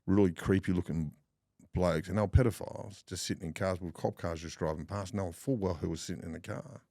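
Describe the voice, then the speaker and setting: A man's voice: deep voice, brisk, vocal fry, warm tone, no room sound, clean studio sound. A middle-aged man with an Australian accent, telling blunt, profane stories as a guest in a casual interview.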